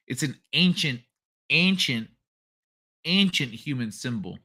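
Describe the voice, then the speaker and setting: Bright-voiced man rambling on a livestream. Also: mid-range voice, expressive, slow pace, husky. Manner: rambling, thinks aloud, frequent restarts. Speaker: livestream host. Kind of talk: casual chat reading viewer comments.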